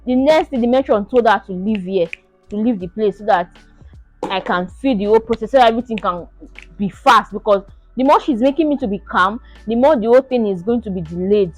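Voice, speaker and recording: A young woman telling her own story to the camera in an animated, casual way, laughing often and acting out the shouts and pleas. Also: mid-range voice, fairly quick, soft background music. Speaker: vlogger sharing her birth story.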